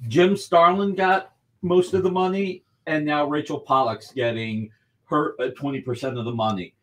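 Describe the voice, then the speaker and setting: A man running a live comic book auction over a video call, pitching books with enthusiasm and urging bidders on. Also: steady tone, moderate pace, fairly bright tone. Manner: enthusiastic, pushes bidders along. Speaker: guest auctioneer.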